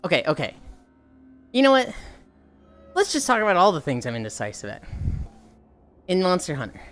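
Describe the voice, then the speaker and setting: A woman's voice: on the low side, wildly swooping pitch, moderate pace, soft background music. A woman livestreamer chatting casually with her viewers, rambling, sighing often and swearing offhandedly.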